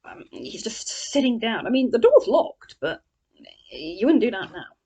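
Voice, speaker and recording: A woman's voice: fairly high pitch, big pitch swings, measured pace, dark tone, slightly rough, poor audio. Sarcastic woman reviewing a book. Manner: sarcastic, chatty, scornful asides. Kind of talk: casual spoken book review.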